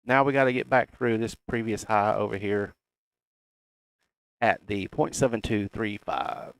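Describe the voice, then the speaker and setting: A man's voice: on the low side, fairly even intonation, measured pace, creaky, smooth, no echo. A middle-aged man with a Southern US accent, reading out price levels in casual, folksy chart commentary. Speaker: crypto chart analyst.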